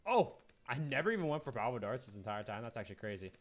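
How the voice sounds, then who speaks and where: A man's voice: medium pitch, sing-song, quick pace. A young man at home chatting casually and rambling while streaming a video game. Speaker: gaming streamer. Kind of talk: casual livestream commentary.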